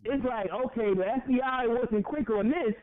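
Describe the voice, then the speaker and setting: Young male podcast co-host, high-pitched and heated, profane, repeats himself. Tinny phone-like audio. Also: moderate pace, no room sound. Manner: heated, profane, repeats words when worked up. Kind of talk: impassioned casual podcast rant.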